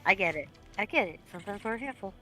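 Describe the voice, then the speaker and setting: A woman's voice: medium pitch, animated, very fast, sharp tone, faint music behind. A woman playing along on a casual gaming stream, teasing and wry. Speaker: co-player in voice chat.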